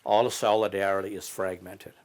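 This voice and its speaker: A man in an interview, telling stories in a casual, halting way with many fillers. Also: low-pitched, level tone. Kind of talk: casual storytelling.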